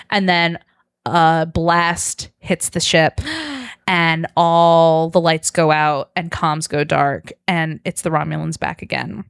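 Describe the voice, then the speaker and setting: A woman's voice: fairly low pitch, flat delivery, unhurried, smooth, no room sound, clean studio sound. A woman podcast host chatting her way through a story retelling, quoting characters and laughing often.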